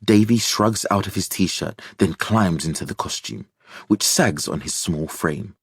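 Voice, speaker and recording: A man narrating an audiobook thriller in a measured, even storytelling manner. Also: low voice, slightly rough, no room sound, studio quality.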